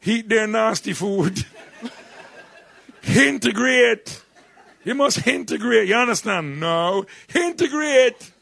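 Man putting on a bossy Jamaican mum, raised pitch, loud and insistent, husky edge, dry sound. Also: animated, slow pace, no echo, full character voice. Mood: scolding. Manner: insistent, repeating herself, scolding. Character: stern Jamaican mother lecturing her kids.

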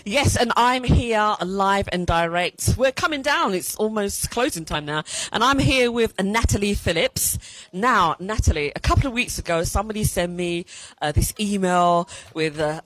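A woman radio presenter asking lively, enthusiastic questions in a live festival interview. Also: mid-range voice, moderate pace, dry recording, rough recording. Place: outdoor festival. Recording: music behind at a festival.

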